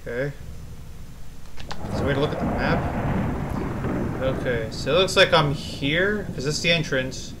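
A man commentating a horror game as he plays, easily spooked, swearing and yelling at the monster. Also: a little high, slow, long pauses, heavy background noise. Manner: jumpy, swears a lot, yells at the monster. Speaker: gaming channel host.

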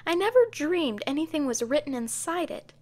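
A woman voicing an eager, well-spoken young woman detective in an audiobook, polite and quick. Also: high-pitched, lively intonation, darkish tone, voice pushed up. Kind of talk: audiobook character voice.

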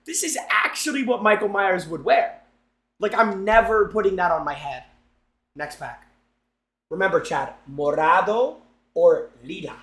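A young man live-streaming, chatting loudly and excitedly to his viewers while he opens game packs. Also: high-pitched, measured pace, roomy sound. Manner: excitable, loud, chanting and talking to chat.

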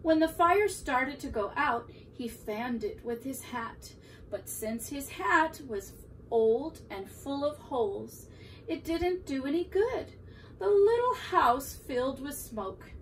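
A woman teacher reading a children's picture book aloud with expressive storytelling, recorded from a distance with faint room noise. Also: high-pitched, slow pace. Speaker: preschool teacher.

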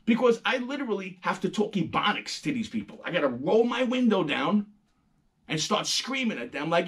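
A middle-aged man, hosting a casual, profane and animated monologue. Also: sits high, moderate pace, slightly rough. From New York. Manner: animated, profane storytelling, acting out quoted voices. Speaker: host.

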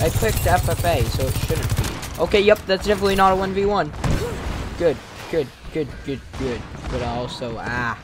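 A young adult doing casual gameplay commentary, excitable, yelping and joking about themselves. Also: medium pitch, noisy background. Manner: excitable, yelps and self-mocking banter. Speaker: gaming channel host. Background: game music and gunfire.

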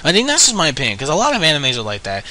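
A man's voice: on the high side, huge pitch swings, very fast, bright, forceful tone, a little hiss or hum, poor audio. Rambling young man reviewing anime. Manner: rambling, frequent fillers and profanity. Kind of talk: casual video review.

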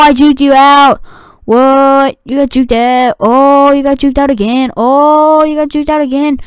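A woman giving excitable gameplay commentary, talking to the game and shouting at it. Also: high voice, unhurried, no echo. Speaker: gaming video creator.

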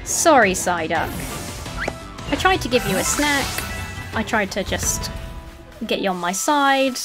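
Let's-play host: woman, fairly high, very animated delivery, game music faint underneath. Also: a little slow. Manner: gushing, chatty, swears casually. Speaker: gaming video host. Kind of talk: casual let's-play commentary.

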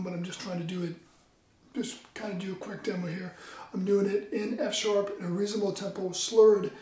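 A man explaining trumpet practice in a relaxed, explanatory way, sometimes singing tonguing syllables. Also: high-pitched. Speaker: trumpet teacher. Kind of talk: instructional demo talk. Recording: roomy, distant mic, faint background noise.

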